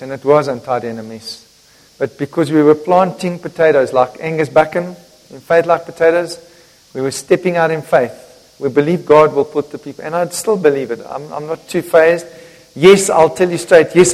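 Pastor preaching in a reverberant church. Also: male voice, a little high, darkish tone. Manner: candid, emotional, repeats himself. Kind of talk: sermon. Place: church sanctuary.

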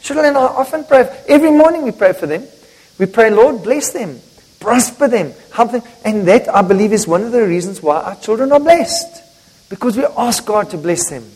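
An older pastor preaches a sermon at a fairly quick pace in a high, lively voice, swinging suddenly between loud emphasis and near-hushed lines. He jokes with the congregation and addresses them directly, and long reverb rings through the church hall.

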